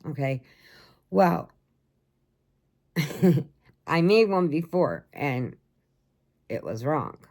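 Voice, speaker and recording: A woman's voice: sits low, sing-song, extremely slow, long pauses, a little mellow. An older woman from the area, chatting casually and rambling to camera about her crochet and family, laughing often. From Chicago area. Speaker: crochet vlogger.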